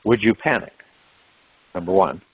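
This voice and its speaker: A man's voice: low-pitched, moderate pace, husky. A man hosting a spiritual meditation call, musing in a rambling way and now and then acting out what people might say. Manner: rambling, musing, with sudden rises into acted quotes. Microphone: phone line. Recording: dull lo-fi phone call audio.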